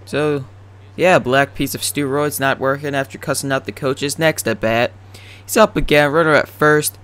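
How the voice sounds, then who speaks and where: A man's voice: medium pitch, moderate pace, clear, resonant tone. A young man doing profane, rambling, joking commentary over a baseball video game. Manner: profane, rambling, deadpan jokes. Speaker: gaming commentator.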